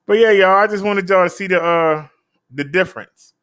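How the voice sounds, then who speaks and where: A man's voice: high voice, normal speed, fairly bright tone, smooth. A man hosting a casual live stream, chatting with viewers in a laid-back, direct way. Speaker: live-stream host reviewing e-bikes.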